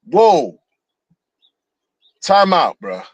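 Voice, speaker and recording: A man talking straight into a streaming mic, ranting in a blunt, casual way with lots of slang. He circles back and repeats himself as he goes. His voice sits on the higher side, and the sound is dry with no room echo. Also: sing-song, drawn-out words.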